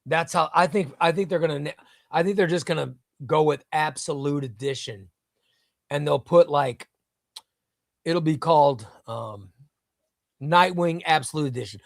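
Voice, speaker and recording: A man's voice: on the high side, normal speed, gravelly, pauses often, no echo, studio quality. A man hosting a casual live stream, reading viewer chat and rambling, often repeating himself. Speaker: livestream host reading chat.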